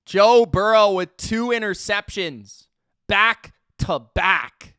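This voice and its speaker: Male stream host, high and very bright, excitable and profane live play-by-play. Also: slow, clean tone. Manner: excitable, profane, swings from muttering to yelling; repeats himself in disbelief. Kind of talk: live play-by-play and reaction commentary.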